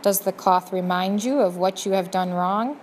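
A woman doing a soft, courtly rat. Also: mid-range voice, moderate pace, slight background noise, lightly acted. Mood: soft coaxing. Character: soft-spoken, scheming male dungeon rat.

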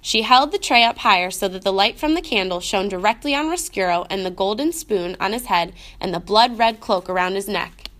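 A woman narrating a children's storybook in a clear, expressive way. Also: mid-range voice, moderate pace. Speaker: audiobook narrator.

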